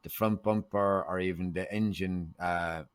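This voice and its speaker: A man's voice: sits low, steady tone, measured pace, smooth. An Irish man as a podcast guest, chatting casually and playfully, laughing as he tells a story. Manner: laughing, playful, jumps into impressions. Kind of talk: casual chat.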